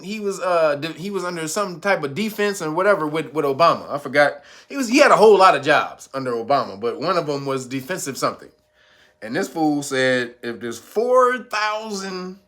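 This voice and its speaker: A man hosting his own channel, telling a story in casual, slangy commentary, animated and chuckling often. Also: a little high. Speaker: channel host.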